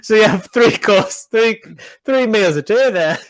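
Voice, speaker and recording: Wanted: a young British man, rambling comic storyteller with a fairly high voice, for a casual podcast. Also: animated, a little slow. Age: young adult. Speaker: podcast co-host. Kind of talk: casual chat.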